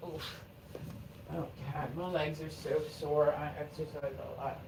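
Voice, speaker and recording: A livestreamer in their forties from Pennsylvania chats casually at home, with a medium-pitched voice, flat delivery and measured pace against a noisy background. They ramble, use lots of fillers like "like," swear freely and laugh often.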